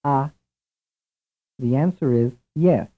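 A man's voice: medium pitch, sing-song. Man reading a lesson on tinny tape. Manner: measured, clear, deliberate drill delivery. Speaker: language instructor. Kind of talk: scripted instructional narration. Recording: tinny, lo-fi old tape recording.

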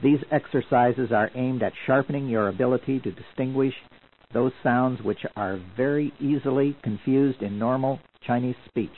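A man narrates an old language course in a measured, explanatory way, his voice squeezed thin and tinny as if heard through a phone line. He sits at an everyday middle pitch. The tape sounds old and lo-fi. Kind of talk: scripted instructional narration.

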